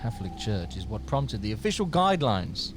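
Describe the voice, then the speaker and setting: A man putting on a slow, menacing masked villain. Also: fairly low pitch, very animated, background noise, voice pushed down. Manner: slow, menacing put-on accent. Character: menacing masked male villain, grand and theatrical.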